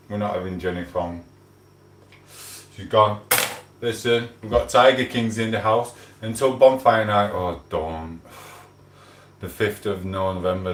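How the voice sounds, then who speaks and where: A man's voice: lowish voice, a little hiss or hum. A man hosting a casual livestream at home, chatting and greeting viewers by name. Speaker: livestream host. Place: room at home. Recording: echoey room.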